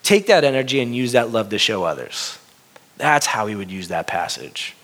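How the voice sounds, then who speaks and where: A man preaching a sermon in a conversational, animated way, asking the congregation questions. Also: fairly low pitch, normal speed. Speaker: pastor. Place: room with a congregation.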